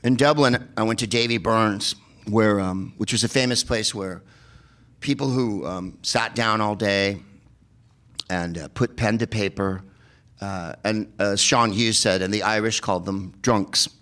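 Low-voiced sardonic man telling stories. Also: measured pace, fairly bright tone. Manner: rambling, sardonic, profane. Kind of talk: comedic travel storytelling.

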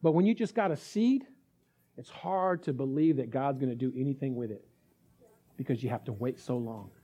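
A man's voice: medium pitch, moderate pace, warm tone, breathy edge, muffled recording. A male pastor preaching a sermon with energy. He acts out little scenes and keeps checking in with the congregation.

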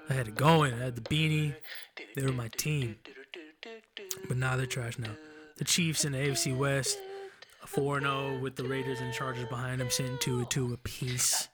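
A man's voice: medium pitch, fairly even intonation, moderate pace, a crowd in the background. A young man hosting a casual sports podcast, rambling through standings in a loose, profane way and correcting himself as he goes. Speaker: podcast host. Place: Enumclaw, Washington.

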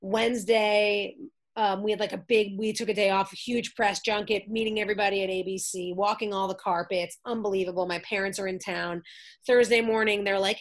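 A woman guest, an actress and comedian, telling stories in casual chat, lively, acting out the voices of others and swearing freely over a remote call. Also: medium pitch, brisk.

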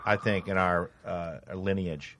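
A man's voice: sits low, fairly even intonation, a little slow, a bit bright, a little hiss or hum. A middle-aged man co-hosting a podcast, laughing often and trading crude banter. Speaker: podcast co-host. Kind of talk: casual comedic chat.

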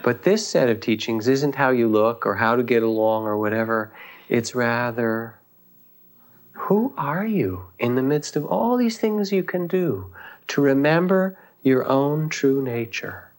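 A man's voice: medium pitch, lively intonation. Reflective male meditation teacher. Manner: reflective, unhurried, with thoughtful pauses. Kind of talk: dharma talk with storytelling.

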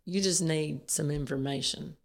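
A woman's voice: deep voice, normal speed, gravelly. Earnest woman co-hosting in an echoey room. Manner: earnest, laughs easily, restarts often. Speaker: podcast co-host. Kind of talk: candid marriage podcast chat. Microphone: on camera.

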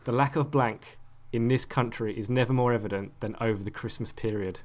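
A man's voice: medium pitch, a little fast. A man co-hosting a podcast, chatting casually and laughing often. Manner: laughs often, playful teasing. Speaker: podcast co-host.

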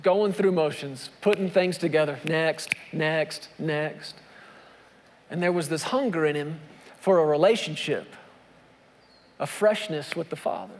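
A male pastor with a high voice preaches with emphasis and returns to the same phrases. His words ring out with a long reverb, as in a large church sanctuary. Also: a little slow, a little hiss or hum. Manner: repetitive, emphatic preaching with scripture reading. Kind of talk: sermon.

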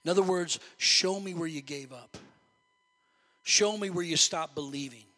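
A man preaching in a church sanctuary with a high, bright voice. His delivery is animated and climbs toward near shouts at its peaks. The sound carries the long reverb of a large hall. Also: normal speed. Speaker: pastor. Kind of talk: sermon.

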